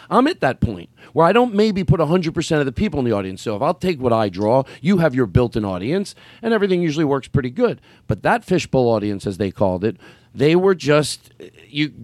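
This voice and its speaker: A man, a comedian and podcast host, telling a story in casual chat, animated, swearing and acting out his own lines. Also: a little high, dry recording.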